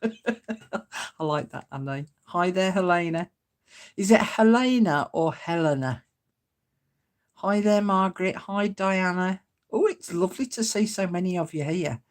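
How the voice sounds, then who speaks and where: This crafting livestream host is a woman with a fairly low pitch, animated and unhurried, with long pauses. In a cozy, chatty manner she greets people by name and laughs softly at the comments she reads out.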